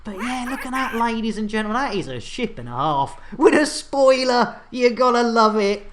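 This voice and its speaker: Speaking at normal speed, a woman from the United Kingdom uses a slightly high voice with big pitch swings. She hosts a gaming stream, bantering with her audience, laughing often, and repeating her catchphrases.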